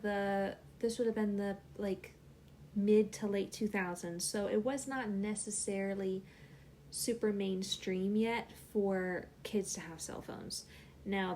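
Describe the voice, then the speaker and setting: A woman's voice: mid-range voice, a little mellow, a little hiss or hum. A young adult woman, a channel host, telling a personal story casually with many fillers.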